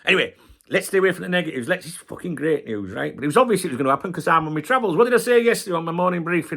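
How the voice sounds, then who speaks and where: A man's voice: a little high, animated, rapid-fire, creaky, a bit bright. Middle-aged guy ranting hard, lots of swearing, voice goes up and down all over. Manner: passionate, swears heavily, ranting. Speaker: football channel host. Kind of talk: casual video rant.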